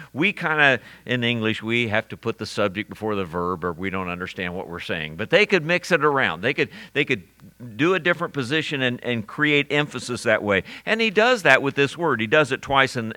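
A man preaching from the pulpit in a bright, forceful voice. He works through the scripture verse by verse, repeating key words for emphasis. The sound is dry and close, with no room echo. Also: mid-range voice. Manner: teaching verse by verse with emphatic repetition. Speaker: pastor. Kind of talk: sermon.

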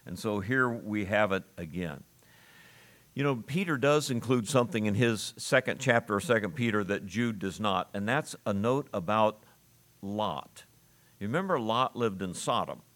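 A man's voice: fairly low pitch, animated, moderate pace, fairly bright tone. Earnest man preaching a sermon. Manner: earnest preaching, reads scripture aloud with emphatic rises. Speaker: pastor.

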